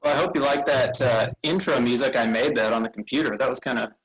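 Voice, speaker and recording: A man's voice: mid-range voice, quick pace, fairly bright tone, rough recording. A tired man leading a vacation Bible school session, chatting casually with children and rambling a bit as he loses his train of thought. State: tired, yawning.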